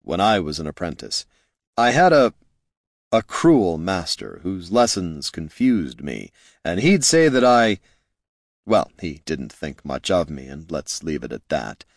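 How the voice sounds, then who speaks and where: A man voicing a brooding male wizard who speaks softly and hesitantly, with heavy sighs, in an audiobook. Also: low-pitched, big pitch swings, a little slow, dry recording, clean studio sound, heavily acted. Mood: rueful. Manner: soft, hesitant, rueful.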